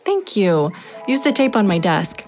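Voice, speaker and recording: Warm, encouraging schoolteacher, mid-pitched voice, faint music behind, children's audio drama. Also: female voice, sing-song, measured pace. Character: kind cheerful grade-school teacher. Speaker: teacher.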